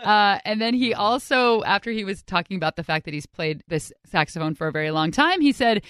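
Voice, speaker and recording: A woman hosting a podcast, telling stories in an upbeat, chatty, animated way. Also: medium pitch, fairly quick, hardly any pauses, smooth, no room sound. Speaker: podcast host. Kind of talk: casual storytelling narration.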